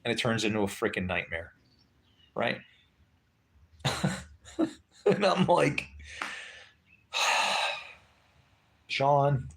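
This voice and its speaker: A middle-aged man telling a personal story casually on a livestream, animated, acting out the other people's voices. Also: on the low side, creaky, a little hiss or hum. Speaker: livestream host.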